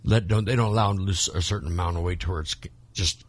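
A man's voice: low-pitched, quick pace. A man co-hosting a casual podcast, rambling with lots of fillers and restarts. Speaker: podcast co-host. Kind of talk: casual chat.

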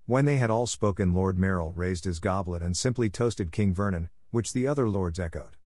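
Male narrator for fantasy audiobook; deep, measured, dry close sound. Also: darkish tone, no echo.

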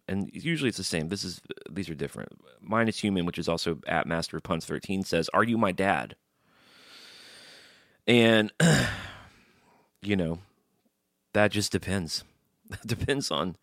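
A man with a very low, deep voice that is also a bit bright hosts a solo podcast, rambling loosely, cracking jokes and swearing casually while drinking beer. The sound is dry and close, with no room around it and no echo.

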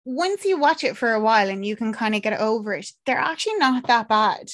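Woman, Irish accent, casual chat, rambling, fairly high pitch. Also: expressive, brisk. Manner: chatty, rambling, with many fillers and acted-out quotes. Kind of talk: casual chat recapping a film.

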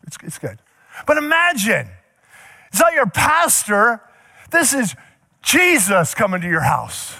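A male pastor preaching a sermon, animated, acting out little scenes for the congregation. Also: high-pitched, measured pace, gravelly, long pauses, no echo, studio quality.

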